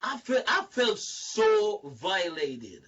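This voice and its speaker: A man hosting a casual group talk, telling stories in an animated, rambling way, repeating words and acting out other people's lines. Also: sits high, takes it slowly, husky, distant mic, lo-fi sound. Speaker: show host. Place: online video chat.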